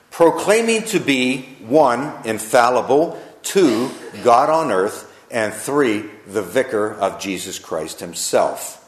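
A man preaching a sermon, slowing down to stress key phrases. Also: medium pitch, roomy sound.

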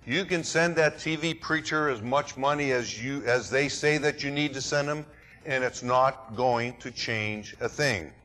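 A pastor preaching a sermon, dramatic and rhetorical, who acts out other people's words. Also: male voice, mid-range voice, a little slow, bright, forceful tone, faint music behind. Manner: dramatic, rhetorical, mimics voices.

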